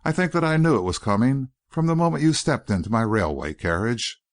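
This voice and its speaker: A man reading an audiobook voices an earnest, courteous young gentleman who pleads politely and persistently. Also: mid-range voice, sing-song, brisk.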